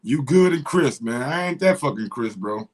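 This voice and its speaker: A man's voice: mid-range voice, lively intonation, normal speed. Frustrated cursing livestream host, man. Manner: frustrated, profane, repeats himself. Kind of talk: casual livestream chat.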